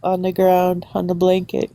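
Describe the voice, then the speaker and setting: A woman's voice: on the low side, completely flat delivery, takes it slowly, warm tone, a little hiss or hum, low-quality recording. A woman joining a live stream as a guest, chatting casually and joking. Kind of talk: casual chat.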